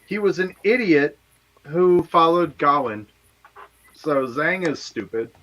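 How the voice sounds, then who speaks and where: A man co-hosting a podcast in casual chat, playful and excitable. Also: fairly high pitch, takes it slowly, poor audio. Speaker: podcast co-host.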